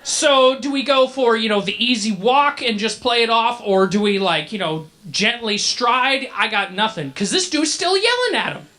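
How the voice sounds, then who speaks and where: Brief: male emcee, bright voice, chatty joking banter on a handheld mic. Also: very high-pitched, animated, moderate pace, few pauses. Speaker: masquerade emcee. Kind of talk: live emcee storytelling. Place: convention event hall. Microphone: handheld microphone.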